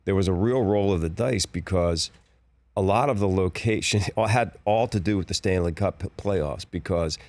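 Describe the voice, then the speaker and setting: A man in his sixties from Philadelphia, an actor guest telling rambling, relaxed stories on a talk show. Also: deep voice, normal speed, no echo. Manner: relaxed, rambling storyteller with restarts and laughs. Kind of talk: casual interview chat.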